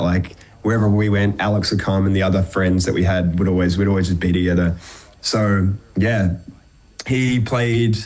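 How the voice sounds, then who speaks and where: A man's voice: low-pitched, darkish tone. A young man from New Zealand with a New Zealand accent, chatting casually as a musician guest, with lots of fillers and easy laughs. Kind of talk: casual interview chat.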